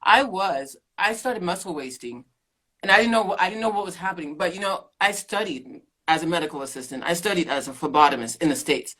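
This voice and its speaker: A middle-aged woman, a keto coach and podcast guest, telling her story in an animated way, laughing often and acting out quotes. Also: on the low side, brisk. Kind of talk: casual interview chat.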